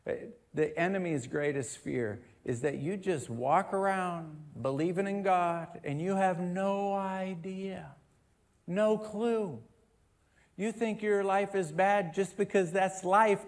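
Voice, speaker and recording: A man with a high voice preaches a sermon, telling a homely family story before building into loud, emphatic passages as he reads scripture. His delivery climbs from chatty to near-shouting. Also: lively intonation, a little slow. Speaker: pastor.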